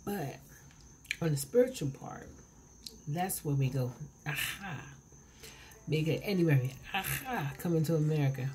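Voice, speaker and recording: A woman's voice: deep voice, expressive, normal speed, a little mellow, slight background noise. A woman in her forties vlogging at home while eating, rambling and chatty, recorded on her camera. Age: 40s. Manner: rambling, self-interrupting, chatty. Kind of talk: casual vlog while eating. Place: home, indoors. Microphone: camera mic.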